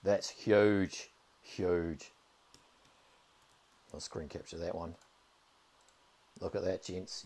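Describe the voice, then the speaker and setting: Low-voiced New Zealand man streaming a game. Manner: chatty, drops the odd "bloody", excitable over finds. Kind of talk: casual live-stream commentary.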